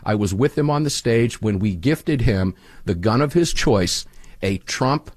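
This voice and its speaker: A radio host appears as a guest on a political talk show, telling stories emphatically. His medium-pitched voice is animated and a little slow, captured in studio quality with no room sound.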